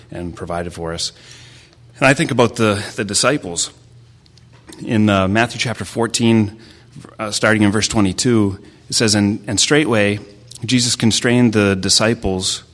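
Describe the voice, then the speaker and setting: A man in his thirties giving an informal sermon, talking haltingly with many restarts and fillers. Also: low voice. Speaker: preacher sharing a devotional. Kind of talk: informal sermon with family stories.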